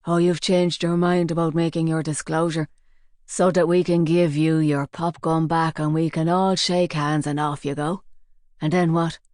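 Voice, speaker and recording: A woman voicing a menacing male gunman with a hoarse, gravelly voice. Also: sits low, little pitch movement, moderate pace, a little mellow, no echo, studio quality, close to an everyday voice. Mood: mocking.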